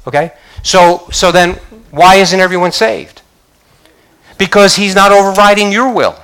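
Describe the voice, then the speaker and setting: A man's voice: high voice, steady tone, a little slow, a bit bright, clean tone, low-quality recording. A male pastor preaching a church sermon, reading scripture aloud and questioning his congregation.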